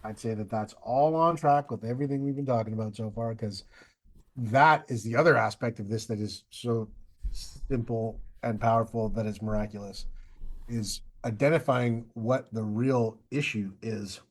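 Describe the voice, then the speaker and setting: A man co-hosts a relaxed podcast conversation in a mid-range voice. He reasons out loud in long, winding sentences with the odd filler word. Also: medium pitch, normal speed. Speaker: co-host. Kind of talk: casual podcast chat.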